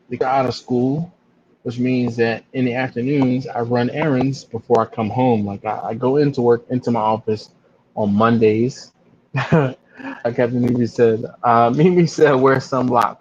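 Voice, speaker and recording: A man hosting a casual live stream, telling stories and acting out other people's voices in a much higher pitch. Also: a little mellow, slight background noise. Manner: storytelling, acts out other people with big jumps in pitch. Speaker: barbecue channel host. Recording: slightly dull lo-fi live stream.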